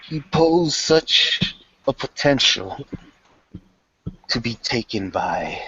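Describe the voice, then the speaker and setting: A man voicing a ruthless hooded female cult leader, speaking quietly and with menace, on a dull lo-fi recording. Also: medium pitch, big pitch swings, extremely slow, slightly rough, no echo, full character voice. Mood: menacing.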